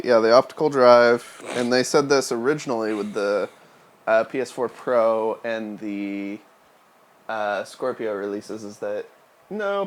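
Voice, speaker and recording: A man co-hosting a casual gaming stream, chatting in a relaxed way and laughing often. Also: lowish voice. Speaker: co-host.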